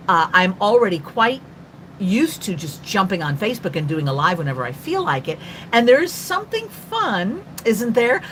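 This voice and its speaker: An older woman from North Carolina, USA, with a fairly high, somewhat bright voice, hosts a chatty, rambling live stream as an artist and greets viewers by name. Talkative and quick after her coffee, she comes through a rough recording with a little hiss or hum.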